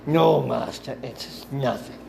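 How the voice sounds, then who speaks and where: A man voicing a defiant young female warrior held captive, who answers in a strained, guarded, halting way in a fan audiobook reading. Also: mid-range voice, gravelly, a little mellow, slight background noise.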